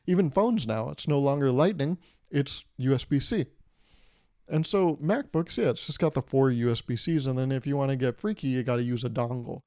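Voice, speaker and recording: A man's voice: mid-range voice, a little fast, dark tone, dry recording, studio quality. A young man hosting his own podcast, rambling through a casual, profane and jokey monologue. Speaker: podcast host.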